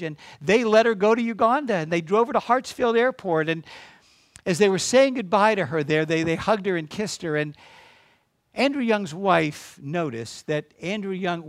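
Guy preaching a sermon, pretty high voice, storytelling then fired up, dry close sound. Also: no echo. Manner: storytelling, building to emphatic exhortation. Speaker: guest preacher.

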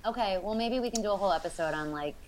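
A woman's voice: mid-range voice, rapid-fire, a little hiss or hum, low-quality recording. A woman co-hosting a podcast, talking casually with lots of fillers and restarts. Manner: rambling, filler-heavy. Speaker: podcast co-host. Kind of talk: casual discussion.

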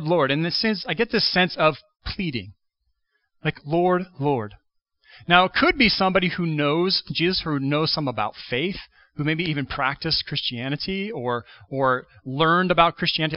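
A man preaching a Sunday sermon in a conversational way, thinking aloud with restarts and quick asides. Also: fairly high pitch, no room sound, lo-fi sound. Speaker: pastor. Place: church sanctuary.

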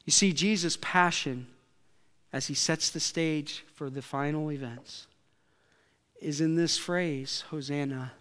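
A male pastor with a slightly higher voice delivers an animated sermon, deliberate and smooth, in a church with long reverb. He tells stories vividly, acts out quotes, and shouts at the peaks.

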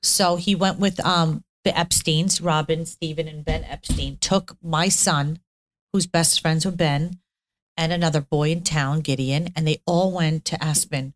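A middle-aged woman co-hosting a podcast, telling stories in an animated, gushing way with lots of restarts. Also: low-pitched, measured pace. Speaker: podcast co-host. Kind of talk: casual chat.

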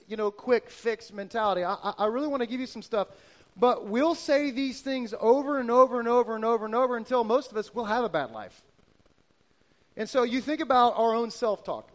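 A middle-aged male pastor preaches with a high, light voice. He tells personal stories earnestly, driving points home by repeating phrases. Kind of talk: sermon.

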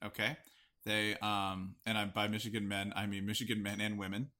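A man's voice: on the low side, level tone, fairly quick, bright, forceful tone. A man co-hosting a comedy sports podcast, rambling through jokes in casual chat. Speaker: podcast co-host.

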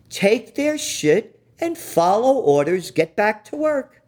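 A man's voice: high voice, very animated, slow, darkish tone. A man co-hosting a political talk show, ranting with profanity and biting sarcasm. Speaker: co-host.

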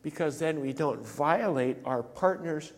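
A man preaches a sermon, his voice sitting a little high for a man. He talks in an easy, conversational way, often stopping to ask the congregation a question. The sound rings out with the long reverb of a church sanctuary. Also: a little slow. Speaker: pastor.

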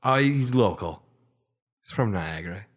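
A man's voice: lowish voice, measured pace, slightly rough. A man co-hosting a casual comedy podcast from Canada, joking and acting out silly bits. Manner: animated, does silly voices for bits. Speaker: podcast co-host.

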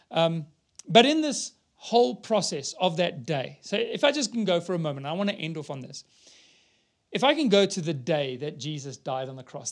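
Earnest high-voiced male preacher. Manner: earnest, builds to emphatic peaks, reads scripture aloud. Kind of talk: sermon.

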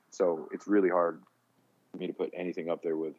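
A man's voice: low-pitched, normal speed, muffled recording. A man from New York, co-hosting a podcast in casual, joking chat. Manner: joking, animated storytelling. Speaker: podcast co-host.

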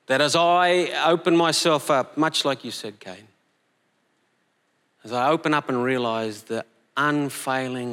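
A man preaching as pastor, leading a slow, gentle, prayerful reading. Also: medium pitch. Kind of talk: sermon. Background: soft band music.

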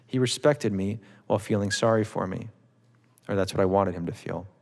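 Gravelly low-voiced man reading aloud. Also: a little mellow, slight background noise. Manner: measured, wry literary reading. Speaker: author reading his novel. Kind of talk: public reading to a live audience. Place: auditorium stage. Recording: long reverb of a large hall.

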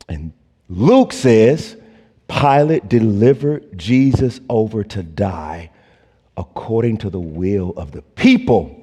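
A male pastor preaching a sermon, slow and deliberate, rising to emphatic peaks. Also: fairly low pitch, animated, mellow, husky. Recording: long church reverb.

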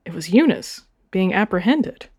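A woman's voice: medium pitch, animated, moderate pace, a little mellow, slightly rough. A woman hosting a podcast, reading a fan story aloud with playful, swearing asides.

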